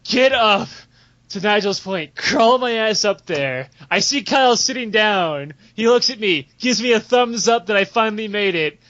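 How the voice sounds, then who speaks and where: Profane high-voiced young man telling stories. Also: moderate pace. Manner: animated, profane, acts out quotes with big pitch jumps. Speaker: storyteller on a podcast. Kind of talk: casual comedic storytelling. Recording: dull lo-fi podcast audio.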